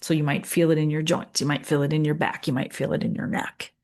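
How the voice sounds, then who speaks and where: A middle-aged woman coach talks in a gentle, empathetic podcast monologue. Her voice sits a little low, and she builds her points through repeated phrases and lists. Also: fairly even intonation, fast. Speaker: leadership coach.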